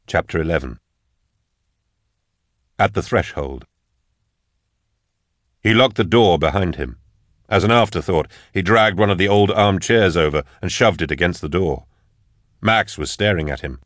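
Man narrating a dark audiobook, lowish voice, dry close recording, steady and measured. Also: no room sound. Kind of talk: scripted narration.

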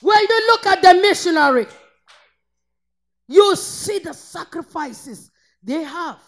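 A woman from northern Nigeria, preaching a fervent sermon that swings between shouted praise and low, intense rebuke. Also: expressive, slow.

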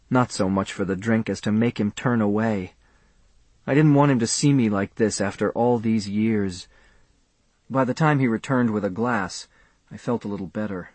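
A man reading a first-person audiobook in a measured, subdued way. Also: on the low side, a little mellow, dry recording. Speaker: audiobook narrator.

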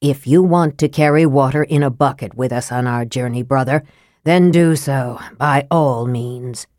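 A woman reads a sickly young male wizard in a low, hushed register. He is cold and scathing. The sound is dry and close to the mic. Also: unhurried, no room sound.

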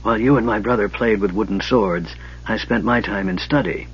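A man voicing a frail, sardonic young male mage who speaks in a soft, hissing whisper. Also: medium pitch, expressive, normal speed, gravelly, breathy edge, voice pushed up. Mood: cold, scornful. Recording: dull lo-fi recording.

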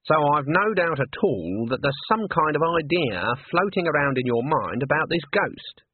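A man voicing a stern, sharp-tongued old witch woman, speaking in a clipped, commanding way, on a dry lo-fi recording. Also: on the high side, sing-song, normal speed, breathy edge, no echo, voice pushed up. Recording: dry, narrow lo-fi band.

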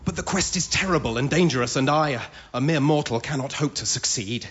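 A man's voice: mid-range voice, a little fast, fairly bright tone, lightly acted. A man playing Perseus, an earnest young male hero, in a radio comedy sketch with an earnest heroic delivery. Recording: dull lo-fi radio recording with faint noise.

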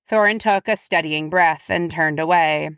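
A woman reading a fantasy story aloud with measured, steady storytelling. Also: low voice, smooth, dry recording, clean studio sound. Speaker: audiobook reader. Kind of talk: storybook narration of fan fiction.

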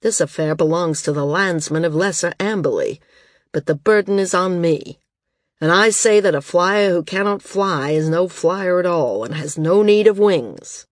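A domineering male ruler, read by a woman narrator in a storybook, asking cold, pressing questions. The voice sits low. The sound is dry and close. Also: moderate pace, dry recording, close to an everyday voice.

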